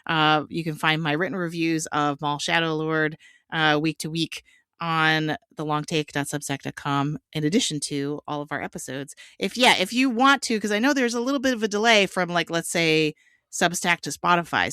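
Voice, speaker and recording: A woman co-hosting a casual podcast, playful and quick to laugh. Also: low-pitched, sharp tone, clear, resonant tone, no echo, clean studio sound. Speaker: podcast co-host. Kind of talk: casual chat.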